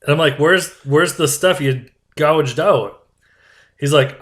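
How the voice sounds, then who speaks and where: A man's voice: a little high, a little slow, fairly bright tone. A man in his thirties, a podcast co-host, telling a profane story in casual chat and acting out what others said. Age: 30s.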